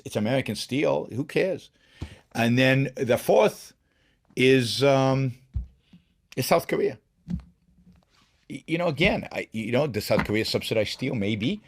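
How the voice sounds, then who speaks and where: A middle-aged man hosting a solo political commentary show, talking emphatically with frequent restarts and repeated words. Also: medium pitch. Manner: emphatic, with many restarts and repetitions. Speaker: show host.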